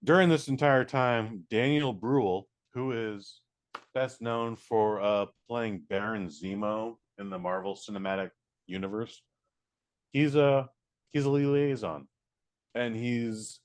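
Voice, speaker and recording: A man co-hosting a podcast, reviewing a film in casual chat, animated and profane, acting out quotes. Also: lowish voice, slow.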